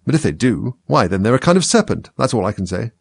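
A man voicing an anxious female pigeon guarding her nest, shrill and accusing. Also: sing-song, fast, gravelly, husky, dry recording, heavily acted. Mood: contemptuous.

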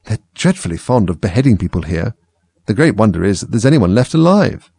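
A man's voice: fairly low pitch, very animated, a little fast, vocal fry, dark tone, breathy edge, no room sound, heavily acted. A man voicing a polite, plucky young girl in a storybook reading. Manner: polite but decided.

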